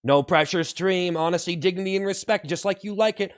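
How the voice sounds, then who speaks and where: A man hosting a live stream in a comic, mock-sincere hype style, repeating slogans, whooping loudly and then dropping into slow, hushed earnestness. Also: high-pitched.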